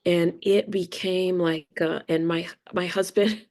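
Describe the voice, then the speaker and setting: A woman's voice: lowish voice, fairly even intonation, a little slow, darkish tone. A middle-aged woman talking candidly and reflectively, rambling a little and swearing casually. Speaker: spiritual reader sharing experience.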